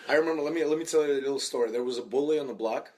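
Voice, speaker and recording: A man who is a podcast guest, telling stories in casual chat, swearing often and halting with fillers. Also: mid-range voice, background noise. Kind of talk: casual storytelling.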